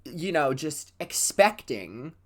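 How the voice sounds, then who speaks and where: Woman, low voice, lively swings in pitch, casual gameplay commentary, rambling and profane. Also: takes it slowly. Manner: chatty, profane, rambling storytelling with many fillers. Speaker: let's play host.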